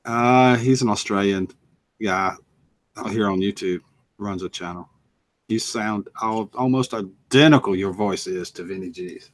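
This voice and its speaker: A man from North Carolina hosts a casual live stream chat, greeting viewers in a folksy Southern American drawl. His voice is lowish and a little slow, with no room sound.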